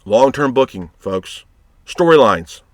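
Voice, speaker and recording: A man's voice: medium pitch, lively intonation, slow pace, no room sound. Guy ranting about wrestling booking, swearing a lot, fired up, dry close mic. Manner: profane, exasperated, heated. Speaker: wrestling show reviewer. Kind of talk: ranting commentary.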